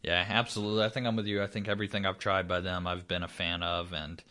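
A low-pitched man co-hosts a laid-back podcast. He jokes easily and lets his sentences fade out softly at the end. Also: level tone, fast talker. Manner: easygoing, joking, trails off softly. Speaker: podcast co-host. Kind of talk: casual chat reviewing beer.

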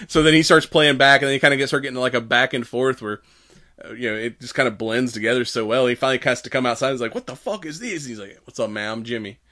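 A man on a casual podcast, chuckling often as he retells film scenes and slips into quick quoted lines. His pitch sits mid-range for a man, and his talk is loose and chatty. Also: steady tone, pushed and bright. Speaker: podcast co-host. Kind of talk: casual podcast chat recapping a movie.

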